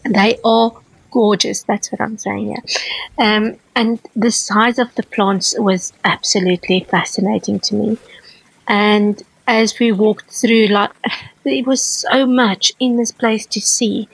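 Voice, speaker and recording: A middle-aged South African woman narrating a casual travel vlog voice-over from home, warmly gushing about plants she loves. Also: mid-range voice, steady tone, slow, creaky, breathy edge, dry recording, poor audio. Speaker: travel vlogger. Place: seated at home, recording voice-over.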